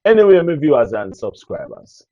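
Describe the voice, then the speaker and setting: Animated Jamaican man talking to viewers. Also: medium pitch, normal speed, no room sound. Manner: animated and preachy, repeats phrases, speaks in patois. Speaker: vlogger. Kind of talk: casual commentary to viewers. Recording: dull lo-fi dry recording.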